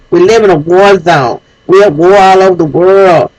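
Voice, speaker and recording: A woman's voice: fairly low pitch, normal speed, hardly any pauses, darkish tone, highs cut off. A woman hosting her own show, delivering an emotional, preachy monologue straight to her viewers. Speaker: host. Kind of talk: impassioned spoken monologue.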